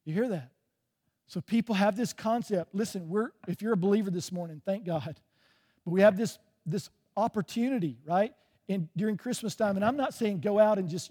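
A man's voice: sits high, moderate pace, warm tone, husky. A man preaching a sermon as pastor, conversational, often checking in with "right?".

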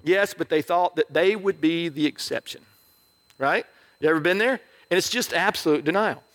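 High-voiced joking male preacher. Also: normal speed, a bit bright. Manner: conversational, joking, asks "right?" often. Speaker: pastor. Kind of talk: sermon.

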